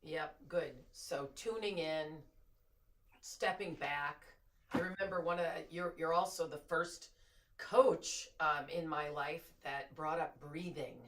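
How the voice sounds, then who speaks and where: A man interviewing a guest in a relaxed, casual way, with pauses and fillers. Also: a little high, a little hiss or hum. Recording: distant from the mic.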